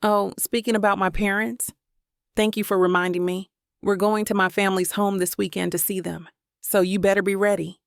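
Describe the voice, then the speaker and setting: A woman's voice: mid-range voice, little pitch movement, normal speed, gravelly, clean tone, dry recording, clean studio sound, close to an everyday voice. A woman reading a bitter vengeful young man. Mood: smug. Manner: cold, threatening. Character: wealthy bitter young man bent on revenge.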